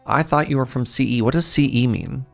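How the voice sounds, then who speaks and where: A man's voice: medium pitch, brisk, gravelly, faint music behind. A middle-aged man from British Columbia with a British Columbia Canadian accent, chatting casually and teasing his viewers while he streams a game. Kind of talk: casual live-stream chat.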